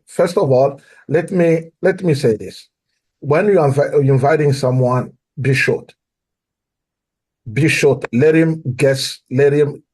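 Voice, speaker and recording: A man's voice: a little high, darkish tone, breathy edge. A man from Africa with an accent, earnestly coaching on sales follow-up and repeating key phrases for emphasis. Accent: non-native English. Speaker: guest.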